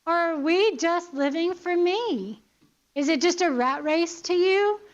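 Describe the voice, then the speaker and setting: A woman's voice: very high voice, animated, unhurried, dull audio. A woman teaching a Bible lesson in church, earnest, asking her listeners pointed questions and often checking in with "okay?".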